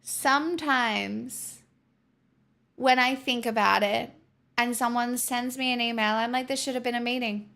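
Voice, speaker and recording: A woman's voice: a little high, steady tone, measured pace, creaky, fairly bright tone. A woman livestreamer chatting casually with her viewers, using sarcastic, mock-corporate girlboss patter.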